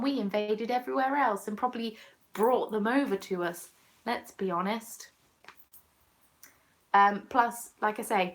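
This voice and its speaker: Knitting as she talks, a twenty-something craft vlogger from southern England answers viewer comments with self-deprecating humor. Her voice is mid-range and fairly bright, with a Southern English accent, in casual chat.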